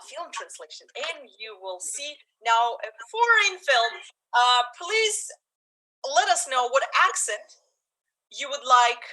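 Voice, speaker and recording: A woman's voice: a little high, sharp tone, rough recording. A woman hosting a live online improv show over a video call, talking to the audience in a chatty, upbeat way.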